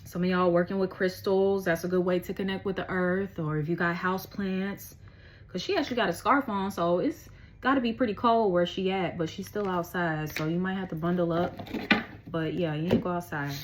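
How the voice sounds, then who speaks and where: A woman's voice: fairly low pitch, fairly quick, a little hiss or hum, rough recording. A woman giving a casual tarot reading, chatty, slangy and profane, laughing often. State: out of breath. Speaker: tarot reader.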